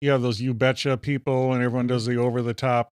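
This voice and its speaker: Teasing male podcast host, smooth voice. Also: medium pitch, little pitch movement, fast talker, darkish tone, no room sound, studio quality. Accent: Minnesota. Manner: teasing, interrupting. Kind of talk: casual podcast banter.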